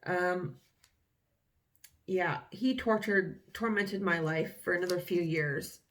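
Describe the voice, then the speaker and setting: A woman's voice: on the low side, slow pace, fairly bright tone. Candid young woman reading her diaries. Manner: candid, wry, rambling with many fillers. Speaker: vlogger. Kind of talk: casual reading of old diary entries.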